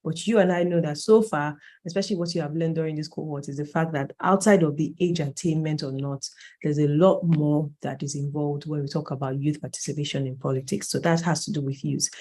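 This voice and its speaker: Mellow-voiced facilitator in their late thirties. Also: mid-range voice, fairly even intonation, a little fast. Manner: conversational, emphatic asides, self-corrects mid-sentence. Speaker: workshop facilitator. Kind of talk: lecture to a training cohort.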